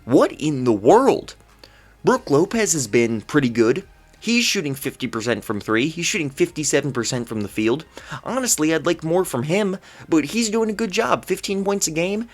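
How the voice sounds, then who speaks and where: A man vlogging basketball commentary in a solo rant, exasperated and incredulous, firing off rhetorical questions and stammering when flustered. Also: on the high side.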